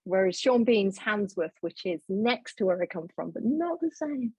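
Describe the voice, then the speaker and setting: Frank, self-mocking middle-aged woman guest; husky tone, dry close sound. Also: mid-range voice, lively intonation, moderate pace, darkish tone, no room sound, rough recording. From Sheffield, England. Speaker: law professor, podcast guest. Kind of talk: casual interview chat.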